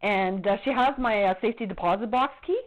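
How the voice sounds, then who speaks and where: A woman's voice: mid-range voice, a little fast. A middle-aged woman on a phone call to police, agitated and accusatory, swearing heavily as she complains. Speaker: caller reporting to police. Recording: muffled phone-call recording.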